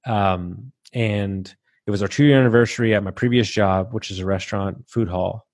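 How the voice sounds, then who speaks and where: A man in his thirties telling his own story on a podcast, rambling and halting, swearing freely and emotional at times. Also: fairly low pitch, a little mellow, no echo. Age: 30s. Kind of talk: candid personal storytelling.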